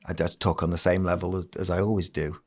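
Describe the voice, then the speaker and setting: A man's voice: low-pitched, level tone, fast talker. A middle-aged man, a ventriloquist, chatting casually in an interview with many restarts. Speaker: ventriloquist and entertainer, guest.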